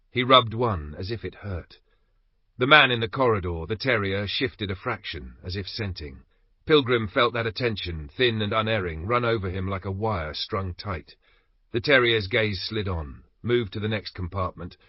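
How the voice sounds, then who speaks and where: A man narrating an audiobook in a steady, measured reading. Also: lowish voice, husky, dry recording. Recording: dry, slightly dull recording.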